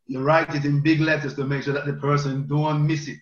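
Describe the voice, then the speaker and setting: A man leading a group Bible study, animated and repeating phrases for emphasis. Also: fairly high pitch, normal speed. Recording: roomy, dull lo-fi sound.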